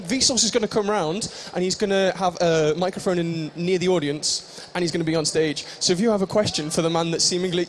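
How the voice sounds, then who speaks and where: Young guy hosting onstage, quite high voice, playful crowd banter, faint background hum. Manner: playful, teasing, joking with the audience. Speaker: stage host at a live fan convention. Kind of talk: improvised comic crowd banter.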